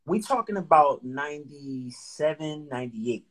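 Middle-aged dude from jersey, kinda husky, acts out quotes w/ slang. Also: male voice, on the high side, expressive, a little slow, poor audio. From New Jersey. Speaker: singer-songwriter guest. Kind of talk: casual storytelling interview.

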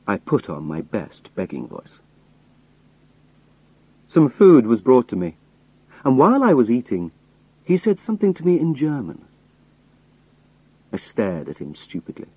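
A man reading a novel aloud in first person with slow, careful, expressive storytelling. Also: mid-range voice, husky, dry recording, rough recording. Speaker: audiobook narrator.

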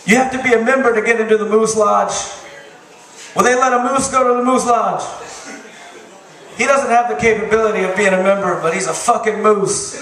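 Male stand-up, high-pitched, deadpan and crude; distant, echoey bar recording. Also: fairly quick, a crowd in the background. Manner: deadpan one-liners, profane. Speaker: stand-up comedian. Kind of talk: stand-up comedy set. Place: bar stage with crowd. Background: audience laughter.

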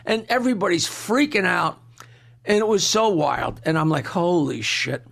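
Older man with a Long Island accent, boisterous storyteller who cracks himself up; high and gravelly. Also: lively intonation, moderate pace, fairly bright tone. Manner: boisterous, laughs through his punchlines. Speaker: comedian guest telling a story. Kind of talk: casual storytelling.

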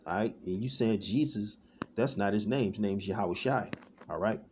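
Low-voiced man preaching loosely. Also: a little hiss or hum. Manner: loose, repetitive, peppered with "man" and "all right"; halting restarts while searching for words. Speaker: street-style preacher. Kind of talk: informal online sermon.

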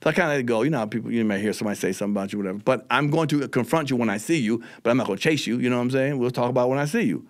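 A man telling a story on a podcast, swearing and animated, acting out his own quotes. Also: mid-range voice, racing, hardly any pauses. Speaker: comedian guest.

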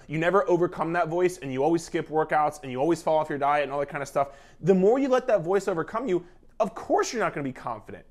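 A man coaching viewers on weight loss in an emphatic, repetitive pep-talk style, casual and sometimes swearing. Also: on the high side. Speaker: fitness coach. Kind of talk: motivational talk to camera.

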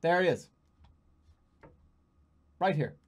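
A man streaming a video game live, reacting excitably with lots of swearing and laughter. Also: fairly high pitch, slow. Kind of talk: live gaming commentary.

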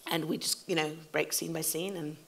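A woman in her forties talks as a guest in an onstage interview, with a low voice. She tells stories in a lively way and acts out what people said in her writers' room. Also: moderate pace, creaky. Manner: animated storytelling, acting out quotes. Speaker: TV showrunner and guest.

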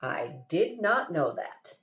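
A woman voicing an anxious, earnest male elephant, speaking low, slow and puzzled. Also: sing-song, fairly bright tone, highs cut off, exaggerated voice.

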